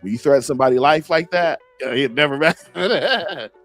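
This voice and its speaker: A middle-aged man hosting a podcast, telling stories in casual chat and acting out the quotes with shouts. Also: on the high side, a little fast, faint music behind. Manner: animated, acts out quotes with shouts. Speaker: podcast host.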